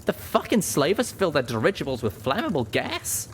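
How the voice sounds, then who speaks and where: A man voicing a boastful, excitable young male pegasus sharpshooter in a storybook reading. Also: fairly high pitch, moderate pace, a little hiss or hum, pitched above the performer's own voice. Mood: shocked.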